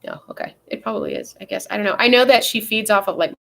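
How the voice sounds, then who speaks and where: A woman's voice: medium pitch, wildly swooping pitch, fast talker, creaky, pushed and bright. Rambling, foul-mouthed young woman vlogger. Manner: rambling and profane, with frequent fillers. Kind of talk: casual chat.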